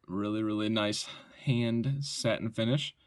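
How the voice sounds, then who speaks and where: A man's voice: on the low side, fairly even intonation, unhurried, clear, resonant tone. Enthusiastic rambling man reviewing a knife. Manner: enthusiastic, rambling, frequent "right?" and mild swearing. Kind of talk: casual product review.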